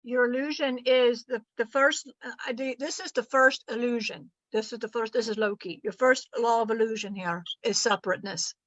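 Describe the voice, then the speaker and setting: A woman's voice: a little high, steady tone, moderate pace, hardly any pauses, dry recording. A woman giving a rambling, chatty spiritual teaching and laughing often. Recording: muffled lo-fi recording.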